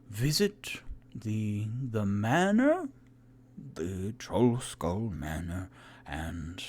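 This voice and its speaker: A man's voice: fairly low pitch, full character voice. A man voicing a sleepy, tipsy older male traveler who speaks drowsily in a half-whisper in a tabletop game.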